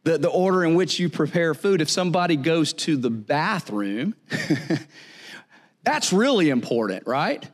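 A man's voice: on the high side, expressive, measured pace. A man preaching a sermon in a conversational, joking way, often repeating words and checking in with "right?". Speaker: pastor.

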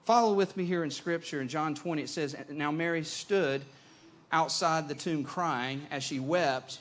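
A man preaching a sermon as pastor, conversational and animated, often repeating words as he goes. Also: medium pitch.

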